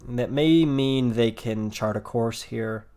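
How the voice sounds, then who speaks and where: A man's voice: medium pitch, unhurried, mellow, clear, resonant tone. A man giving casual commentary over his own card game, rambling and thinking aloud with fillers, yawning and a bit tired. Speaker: gameplay commentator.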